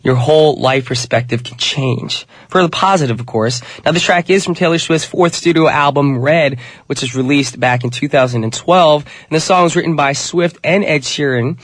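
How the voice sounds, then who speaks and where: A man's voice: a little high, normal speed, no echo. A man hosting a radio show in a chatty, upbeat style, his voice nasal from a cold. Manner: upbeat, chatty, addresses listeners as you guys. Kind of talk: casual radio DJ patter. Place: radio studio.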